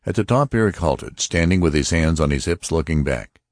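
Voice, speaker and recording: Very deep-voiced male narrator. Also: lively intonation, moderate pace, no room sound, studio quality. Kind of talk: audiobook narration.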